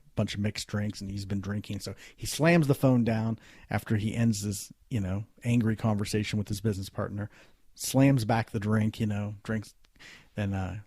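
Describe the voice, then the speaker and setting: A man's voice: fairly low pitch, a little mellow, slightly rough, no echo, clean studio sound. A man hosting a podcast, casually retelling a story in a conversational way. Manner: conversational, many fillers and restarts. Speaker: podcast host.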